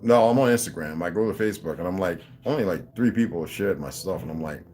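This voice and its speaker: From a room at home, a man hosts a casual livestream, talking straight to his viewers in a loose, profane, animated way before reading a book aloud. He speaks fast in a low voice.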